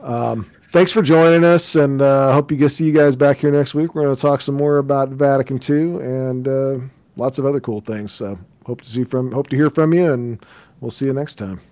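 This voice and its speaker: A man co-hosting a podcast, chatting in a relaxed, easy way and laughing easily. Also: mid-range voice, moderate pace, no echo. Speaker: podcast co-host. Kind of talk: casual podcast chat.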